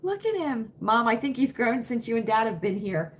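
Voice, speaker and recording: A woman's voice: a little high, sing-song, moderate pace, slight background noise. A woman hosting a casual live chat from home to her viewers on a computer webcam, folksy and chatty, repeating her phrases for emphasis. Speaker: livestream host.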